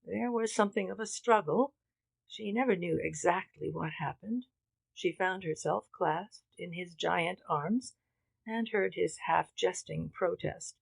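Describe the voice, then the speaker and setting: Slow gravelly woman narrator. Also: fairly low pitch, dry recording, rough recording. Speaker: audiobook narrator. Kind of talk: scripted narration.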